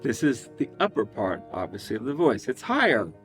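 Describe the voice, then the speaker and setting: Male singing teacher, lively pitch, jumps into high falsetto demos, light guitar underneath. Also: moderate pace, husky. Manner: animated, demonstrates with high falsetto whoops and laughs. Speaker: vocal coach. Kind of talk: singing lesson with sung demonstrations.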